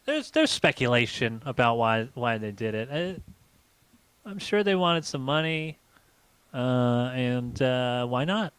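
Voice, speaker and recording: A man's voice: mid-range voice, lively intonation, slow pace, a bit bright, clean tone, no echo. A man co-hosting a comedy live stream, telling a rambling story in casual chat with lots of fillers. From United States.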